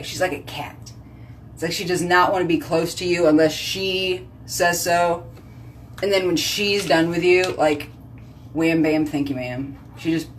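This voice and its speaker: Woman in her thirties, lowish voice, sassy rambling vlog chat. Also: slight background noise. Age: 30s. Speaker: vlogger. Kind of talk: casual chatty vlog.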